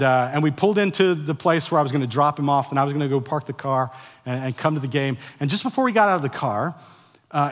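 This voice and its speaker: A pastor in his forties preaching a sermon, moving from a quiet, confessional personal story to loud, emphatic exhortation, with frequent stumbles and repeated words. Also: mid-range voice. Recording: long reverb of a large hall.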